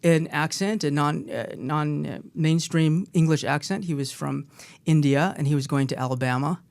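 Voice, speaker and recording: A woman's voice: low voice, moderate pace, darkish tone. Emphatic woman telling a story on a talk show. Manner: emphatic, storytelling, repeats key phrases. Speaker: co-author and former co-host.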